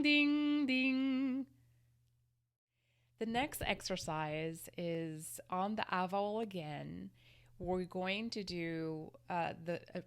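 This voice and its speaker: A woman singing teacher giving a vocal lesson to camera, guiding each exercise step by step in a calm, instructive way. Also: lowish voice.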